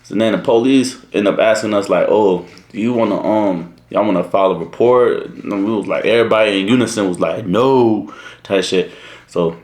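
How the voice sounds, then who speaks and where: Young adult male storyteller, slangy and profane, animated retelling in a roomy, echoey space. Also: fairly low pitch, normal speed. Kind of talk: casual storytime.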